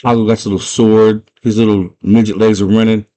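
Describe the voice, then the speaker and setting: A young man with a very low voice excitedly retells a movie, piling on slang and side comments as he goes. His delivery is loose and enthusiastic, the style of a casual chat with a friend. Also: brisk. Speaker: movie fan retelling a film.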